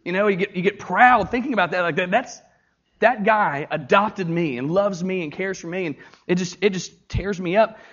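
Animated, high-voiced male pastor preaching. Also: moderate pace, highs cut off. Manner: animated, jokey, crowd-engaging; earnest and emotional. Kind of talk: sermon.

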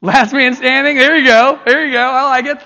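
A man's voice: extremely high pitch, a little fast, vocal fry. A middle-aged male pastor preaching a sermon, joking with the congregation and then turning earnest and emotional. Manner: animated, jokey, crowd-engaging.

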